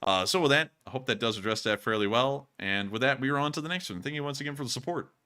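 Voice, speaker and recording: A man hosting a livestream Q&A, casual and quick to laugh, repeating the same sign-off phrases. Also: mid-range voice, animated, sharp tone, clear, resonant tone. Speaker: host.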